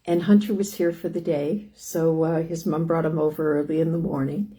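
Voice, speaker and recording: A woman's voice: deep voice, flat delivery, moderate pace, dark tone. An older woman hosting a live stream, chatting casually and rambling with many restarts and "anyways". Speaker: host of a live stream about living with lung disease.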